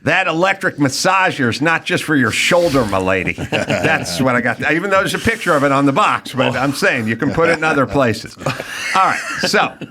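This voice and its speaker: A man's voice: fairly high pitch, expressive, brisk, a crowd in the background. A middle-aged man hosting a podcast, telling crude, rambling stories in casual banter. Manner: blunt, crude, rambling storyteller. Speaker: podcast host.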